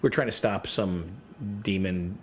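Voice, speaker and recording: A man telling gaming stories in a casual chat, rambling and animated, often breaking into quoted voices. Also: low voice, a little slow, a little hiss or hum. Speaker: podcast guest.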